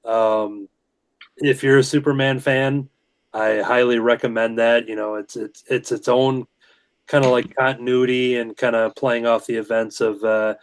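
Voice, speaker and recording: Male guest, mid-pitched voice, meandering filler-heavy storytelling on a call. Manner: rambling storytelling with many fillers and restarts. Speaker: guest comic creator. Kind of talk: casual chat.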